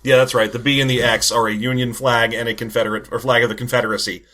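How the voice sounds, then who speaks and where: A man's voice: medium pitch, flat delivery, fast talker, pushed and bright. A man co-hosting a comedy podcast, chatting casually and irreverently, laughing often. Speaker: podcast co-host.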